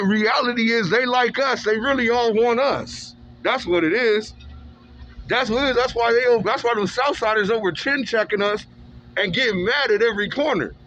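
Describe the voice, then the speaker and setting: A man's voice: very high-pitched, fairly bright tone, lo-fi sound, slight background noise. A man in an emphatic, repetitive, slangy street monologue, recorded outdoors. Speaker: street vlogger.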